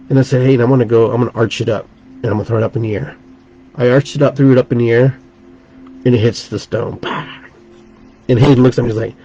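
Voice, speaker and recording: A man's voice: mid-range voice, gravelly, mellow, slightly rough. A man hosting his own podcast, telling a rambling, earnest story in a casual way and restarting his sentences often. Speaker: podcast host and shaman teacher. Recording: dull lo-fi recording.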